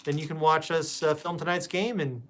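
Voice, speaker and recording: A man's voice: on the high side, fairly even intonation, a little fast, fairly bright tone, a little hiss or hum. A man hosting a casual live stream, chatting and greeting viewers by name with plenty of fillers. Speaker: host.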